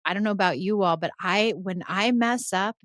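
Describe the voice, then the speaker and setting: A woman's voice: mid-range voice, moderate pace, fairly bright tone. A woman hosts a parenting podcast, talking alone in an earnest, conversational way. She now and then slips into short acted-out lines of a parent or child. The sound is dry and close, with no room echo. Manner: earnest, conversational, acts out parents and kids in asides. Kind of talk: reflective solo talk.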